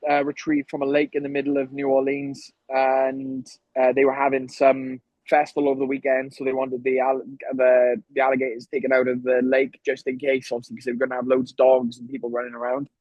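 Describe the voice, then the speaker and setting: A man's voice: medium pitch, completely flat delivery, brisk, no echo, dull audio. A Welsh man from Wales, a professional fighter telling rambling stories full of ums in a casual interview. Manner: rambling anecdotes with frequent ums.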